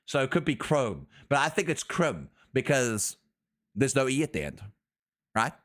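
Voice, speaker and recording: Loopy streamer dude on allergy meds, drowsy, super bright voice, rambles and sings random stuff at chat. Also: male voice, medium pitch, big pitch swings, a little slow. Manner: goofy and rambling, breaks into sing-song chants. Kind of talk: casual live-stream chat with viewers.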